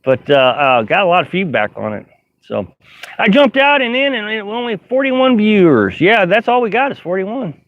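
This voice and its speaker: A high-voiced RV vlogger hosts a live stream from inside his camper, chatting casually and reading viewer comments. He's very animated at a moderate pace, rambling and laughing often with many fillers and restarts. The live-stream audio is dull and lo-fi, with no room sound.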